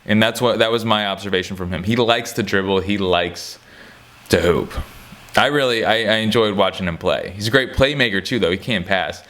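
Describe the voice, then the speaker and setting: A man talks through basketball prospects in a relaxed, off-the-cuff way. His voice sits low, and he jokes, trails off and restarts his thoughts, filling gaps with ums and uhs. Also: moderate pace. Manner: rambling, joking, many fillers and restarts. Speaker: sports commentator. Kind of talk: casual chat.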